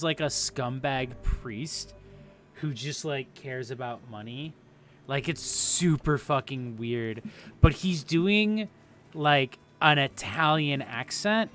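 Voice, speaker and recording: A young man streams a game, chatting in a loose, rambling way, swearing freely and breaking into laughter. His voice sits at a middling pitch for a man. A faint hiss of noise runs under the recording. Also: pushed and bright. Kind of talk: casual live game commentary.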